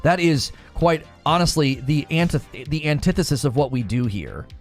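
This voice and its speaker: Male streamer, fairly high voice, combative and animated, faint background music. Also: normal speed. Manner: argumentative, animated, answers chat directly. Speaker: gaming streamer, talk show host. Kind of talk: live-stream chat talk.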